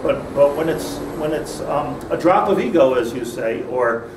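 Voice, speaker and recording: A man's voice: mid-range voice, animated, measured pace. A man, a rabbi, teaching an informal Torah class in a conversational way, with many restarts and Hebrew terms. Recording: echoey room, speaker far from mic, faint noise.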